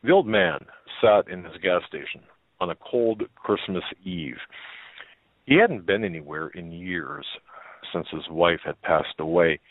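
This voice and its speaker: A male talk show host reading a story aloud in a folksy, halting way, with many fillers and restarts. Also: low-pitched, no room sound. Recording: narrow phone-like line.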